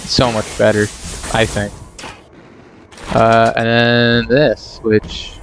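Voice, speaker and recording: Slow, rambling male game commentator. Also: mid-range voice, flat delivery, a little hiss or hum. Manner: rambling, self-deprecating, talks to himself. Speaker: gameplay commentator. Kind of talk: casual let's play commentary.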